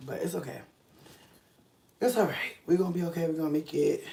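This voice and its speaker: A woman's voice: low-pitched, brisk, creaky. Young woman from the US, casual vlog chat, swears freely, slightly breathless, faint hiss behind. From United States. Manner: profane, rambling, playfully brash, jumps between mutters and loud bursts. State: a little out of breath. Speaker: vlogger.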